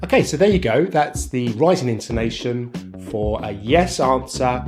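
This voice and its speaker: This is a man with a British accent giving an online pronunciation lesson. His pitch sits in the middle but moves a lot, rising and falling with plenty of life. He explains clearly and deliberately, leaning into each intonation pattern. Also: lively intonation, over music. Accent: British English. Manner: clear, deliberate explaining with exaggerated rises and falls. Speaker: English pronunciation teacher.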